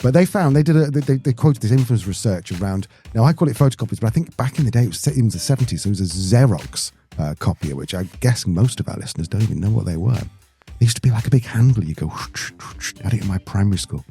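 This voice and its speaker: Mellow-voiced man, chatty host. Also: lowish voice, lively intonation, rapid-fire, faint music behind. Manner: chatty, jokey, self-interrupting. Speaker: podcast co-host. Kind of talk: casual podcast chat.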